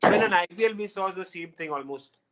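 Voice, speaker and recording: A man with an Indian accent co-hosting a casual cricket chat, excitable and laughing, slipping into Hindi. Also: high voice, fast, dull audio. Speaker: co-host.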